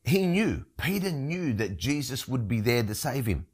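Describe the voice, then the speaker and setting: A male pastor delivering a sermon with emphatic, storytelling energy. His voice is mid-pitched and swings lively up and down. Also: normal speed, husky.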